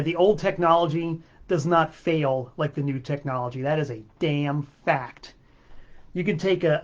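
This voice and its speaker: A man's voice: a little high, muffled recording. Fed-up man ranting on a livestream. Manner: exasperated, sarcastic, swearing. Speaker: host of a music livestream show. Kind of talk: livestream rant. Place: home studio with a backdrop. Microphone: webcam mic.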